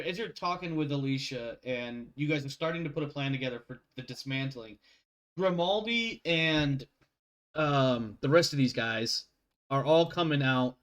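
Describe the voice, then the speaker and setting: A man's voice: medium pitch, a bit bright. A man running a tabletop game as game master, rambling and often stopping to apologize. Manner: rambling, self-interrupting, apologetic.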